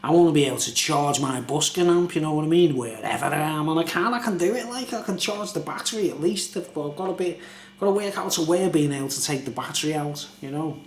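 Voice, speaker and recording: A rambling man from Britain chats casually to the camera, and his voice sits a little higher than most men's. He is recorded in a roomy, echoey space, with a faint hum underneath. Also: fast. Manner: rambling, chatty, keeps asking "you know what I mean?". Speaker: YouTuber reviewing beer. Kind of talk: casual chatty vlog.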